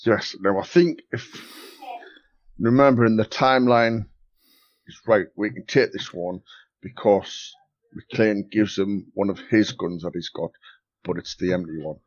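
A man's voice: on the low side, unhurried, muffled recording. A man playing a tabletop game, musing aloud about what to do. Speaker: player. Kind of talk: casual chat at a game table.

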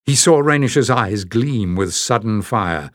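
A man's voice: on the low side, measured pace, dry recording, studio quality. A man reading a fantasy novel aloud as audiobook narrator, telling the story steadily. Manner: steady storytelling, switching into character voices. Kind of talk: scripted narration.

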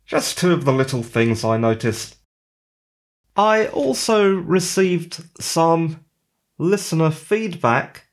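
A man's voice: fairly high pitch, animated, slow pace. A man hosting a solo podcast, giving opinionated, conversational commentary with rhetorical questions. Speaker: podcast host.

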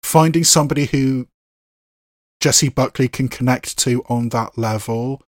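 A man talks through a film review without a script, mid-pitched and unhurried, stacking up asides as he thinks aloud. The sound is close and dead dry, with no room around the voice. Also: dry recording. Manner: thoughtful, digressive, with filler phrases.

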